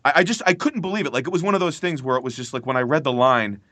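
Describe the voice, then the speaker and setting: A male voice actor as a podcast guest, telling animated stories and swearing freely. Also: mid-range voice, very fast, dry recording. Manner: animated storyteller, swears freely, acts out his own reactions. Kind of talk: casual podcast interview.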